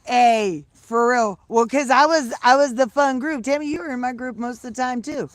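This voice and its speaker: A woman's voice: sits high, normal speed, no echo. A middle-aged woman livestreaming outdoors on a farm, chatting casually with viewers in a loose, laughing way and swearing freely. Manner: loose, laughing, salty talk. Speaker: livestreaming vlogger. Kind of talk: casual live chat with viewers.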